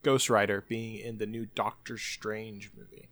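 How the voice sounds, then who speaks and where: A man's voice: on the low side, level tone, unhurried, a bit bright. A man co-hosting a casual podcast chat, eager and chatty, jumping in with the latest news. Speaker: podcast co-host.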